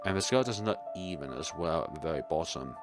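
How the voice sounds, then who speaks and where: A man's voice: extremely low pitch, animated, fairly quick. A man reading a horror visual novel aloud and making playful, wry asides. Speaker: gaming video creator. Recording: game music behind.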